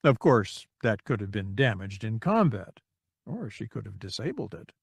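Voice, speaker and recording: A curt, suspicious veteran general, voiced by an audiobook narrator, clipped and wary. Recorded dry and close to the mic. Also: male voice, fairly low pitch, big pitch swings, normal speed, creaky, breathy edge, no room sound, pitched below the performer's own voice, exaggerated voice. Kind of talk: audiobook character reading.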